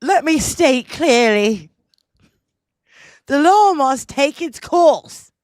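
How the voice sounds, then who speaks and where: A woman's voice: high-pitched, expressive, darkish tone, no room sound, studio quality, full character voice. A woman putting on a pompous royal with a fake English accent. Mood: mock-solemn. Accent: put-on English accent. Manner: slow, mock-solemn official reading. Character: a stiff royal reading a formal palace statement.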